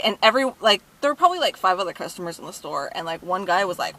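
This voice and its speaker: A woman's voice: medium pitch, a little fast, few pauses. A young woman telling an indignant, profanity-filled story about her job at a thrift store in a casual vlog. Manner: profane, indignant, animated retelling.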